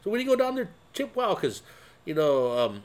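A man's voice: high-pitched, normal speed. A man in casual chat who swears a lot and acts out quotes while telling stories. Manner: swears a lot, animated storyteller acting out quotes.

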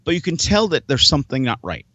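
A podcast host who is a wrestler and promoter talks in a medium-pitched, sharp voice that swings hugely in pitch, speaking fast with no echo. His casual chat runs in long rambling stretches full of restarts and self-talk he acts out as quotes.

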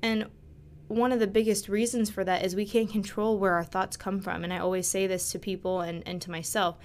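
A woman's voice: medium pitch, level tone, brisk, a little mellow. Chatty young woman hosting a podcast. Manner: chatty, many fillers and restarts. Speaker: podcast host. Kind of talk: casual monologue on self-love.

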